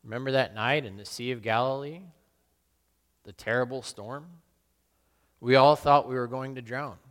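A man playing Peter, a remorseful, brash fisherman and apostle, in a slow, brooding first-person monologue with sudden loud outbursts. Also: mid-range voice, steady tone, natural voice. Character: remorseful middle-aged fisherman apostle, brash, guilt-torn. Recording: long hall reverb.

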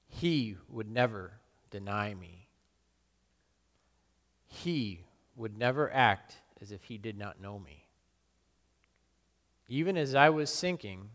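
A man playing Peter, a remorseful, brash fisherman and apostle, in a slow, brooding first-person monologue with sudden loud outbursts. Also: fairly low pitch. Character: remorseful middle-aged fisherman apostle, brash, guilt-torn. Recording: long hall reverb.

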